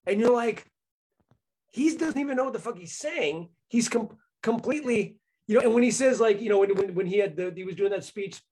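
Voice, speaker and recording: A man in casual political chat, animated and mocking, swearing freely as he talks. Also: high-pitched, brisk, breathy edge, rough recording.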